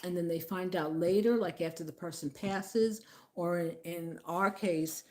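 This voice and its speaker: A woman telling family gossip in a casual vlog, chatty and laughing, acting out what others said in lively voices. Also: lowish voice, unhurried. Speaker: vlogger. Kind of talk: casual storytelling monologue.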